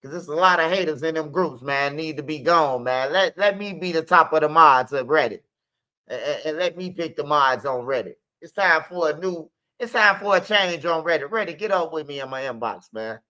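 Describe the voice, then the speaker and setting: A man's voice: a little high, expressive, normal speed, bright, forceful tone. A man hosting a stream, talking in rambling casual commentary with street slang and repeated words. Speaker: streamer host. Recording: dull lo-fi stream audio.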